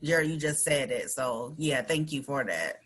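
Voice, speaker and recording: A woman's voice: very deep voice, lively intonation, moderate pace, a bit bright, breathy edge. A woman hosting a casual radio interview, playful and chatty, who laughs easily and talks in slang. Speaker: radio show host. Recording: online live-stream interview.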